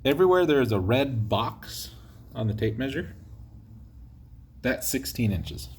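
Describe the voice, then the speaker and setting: A man's voice: mid-range voice, big pitch swings, a little slow, darkish tone, breathy edge. A man chatting casually and bluntly while he builds, drifting into stories and joking about himself. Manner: rambling and outspoken, jokes about himself. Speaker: DIY builder host.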